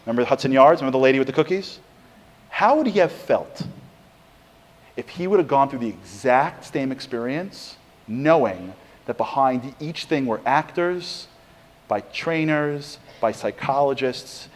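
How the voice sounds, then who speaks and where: At normal speed and medium pitch, a middle-aged man tells a story-driven sermon for a Torah talk. His animated delivery dramatizes the quotes, building in intensity throughout.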